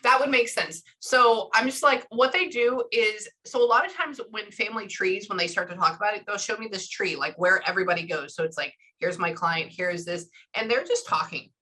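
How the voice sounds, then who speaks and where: A woman, working as a medium in a casual session, relaying messages in quick chatty bursts. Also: mid-range voice, bright, forceful tone, poor audio. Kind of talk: casual reading session with clients.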